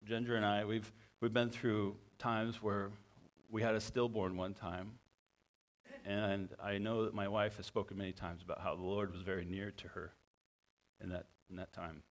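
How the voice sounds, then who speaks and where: A man with a low voice preaches a sermon. He speaks in a halting way, often repeating words and restarting phrases. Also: level tone. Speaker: pastor.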